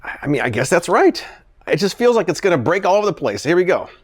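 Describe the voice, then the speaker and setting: A man's voice: high-pitched, sing-song, quick pace, breathy edge. A man hosting a casual product-testing vlog, talking animatedly and often sounding exasperated, chuckling when a gadget fails. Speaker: product reviewer, channel host.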